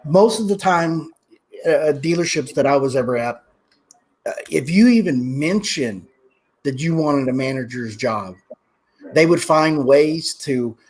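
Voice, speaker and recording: A man's voice: a little high, animated, unhurried, a little mellow, rough recording. A man hosting an interview, chatting in an encouraging, reflective way. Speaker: host. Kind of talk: interview chat.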